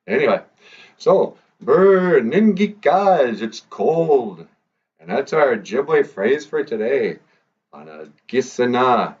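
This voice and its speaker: A man's voice: on the low side, darkish tone. A man hosting a casual language vlog, playful and joking as he teaches phrases. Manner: playful, joking, laid-back. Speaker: podcast host teaching Ojibwe phrases. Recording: dull lo-fi audio with faint guitar.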